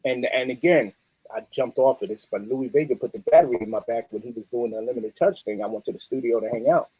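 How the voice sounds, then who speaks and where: A middle-aged man, a musician guest telling stories in a streetwise, animated way. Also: mid-range voice, fast talker, breathy edge, no echo, rough recording. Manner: animated, streetwise, peppered with "you know what I mean". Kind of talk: casual interview storytelling.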